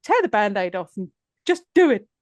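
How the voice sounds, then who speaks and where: A woman's voice: medium pitch, very animated, normal speed, no room sound. A woman co-hosting a podcast in casual chat, agreeable and encouraging, with some casual swearing. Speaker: podcast co-host.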